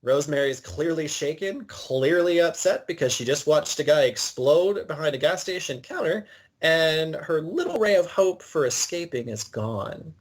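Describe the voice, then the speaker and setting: A man co-hosting a podcast, recapping an episode in an animated, storytelling way and acting out bits of dialogue. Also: a little high, moderate pace. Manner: animated storyteller, acts out quotes. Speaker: podcast co-host.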